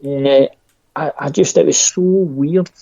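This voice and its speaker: A man's voice: medium pitch, fairly even intonation, a little fast, mellow, dry recording. A man speaking as a podcast guest, hesitant, with frequent ums and restarts. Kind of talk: casual podcast chat. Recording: dry, dull lo-fi audio.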